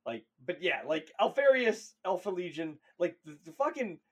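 A man's voice: high voice, very animated, moderate pace, husky. A man co-hosting a podcast in casual chat, rambling and profane, laughing often. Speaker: podcast co-host.

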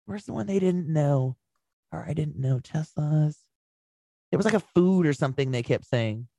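A chatty man with a slightly high voice talks loosely and laughs a lot between stories. The sound is close and dry, with no room around it. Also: lively intonation, normal speed, creaky, warm tone, no room sound. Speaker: podcast co-host. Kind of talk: casual chat.

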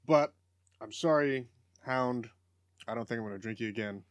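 A man's voice: mid-range voice, normal speed, no room sound, studio quality. A man co-hosting a casual sports podcast, hesitant and poking fun at himself. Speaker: podcast co-host.

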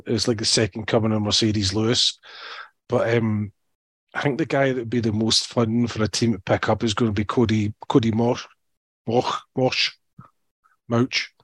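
A man with a Scottish accent giving his views on a sports podcast, halting, with many ums and the odd dry joke. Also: lowish voice, fairly even intonation, a bit bright, husky, no echo. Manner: hesitant, lots of ums, dry jokes. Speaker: podcast co-host. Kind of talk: casual sports podcast chat.

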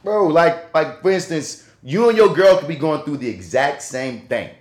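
A man co-hosting a podcast, talking in a casual, animated and profane way, acting out quotes as he tells stories. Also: a little high, moderate pace, reverberant. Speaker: podcast co-host.

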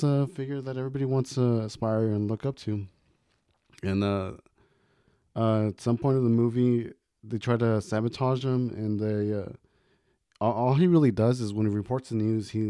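A man's voice: on the low side, steady tone, moderate pace, warm tone, dry recording, clean studio sound. A man co-hosting a podcast, chatting casually about movie quotes in a laid-back, rambling way and laughing often. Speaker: podcast co-host.

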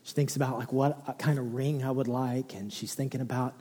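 A man in his thirties preaching a sermon, telling a personal story with a lively, animated delivery that swings between hushed, low passages and excited near-shouts. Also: fairly quick, slightly rough. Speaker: pastor. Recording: long hall reverb.

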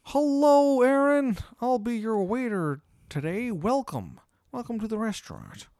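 Man putting on high-voiced Chicago waiter. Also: very animated, darkish tone, dry recording, studio quality, exaggerated voice. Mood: welcoming. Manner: slow, overly courteous high voice. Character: jacked, good-natured male waiter, polite and eager.

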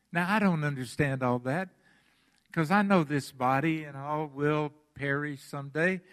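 A pastor preaching a sermon, emphatic and deliberate, repeating his phrases for weight. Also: a little high.

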